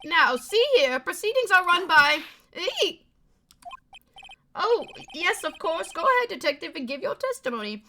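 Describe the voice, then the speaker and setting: A woman plays a fussy old courtroom judge who is easily startled, lifted well above her usual pitch. The voice is bright and sharp, with a flustered edge as she reads him from a video game. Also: very animated, moderate pace, slight background noise, full character voice.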